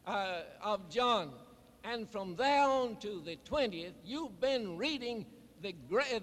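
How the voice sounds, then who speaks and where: A man with a very high voice delivers a sermon at an unhurried, drawn-out pace. He tells his stories deliberately and leans on key words for emphasis. His voice rings out with a long reverb, as in a large hall. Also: a bit bright. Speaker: preacher. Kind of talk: sermon address.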